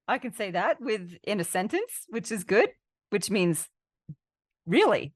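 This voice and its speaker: A woman's voice: medium pitch, sing-song, unhurried, no echo, clean studio sound. A woman with a Canadian accent, a guest on a podcast, chatting cheerfully and laughing often. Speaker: guest, leadership author. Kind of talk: casual interview chat.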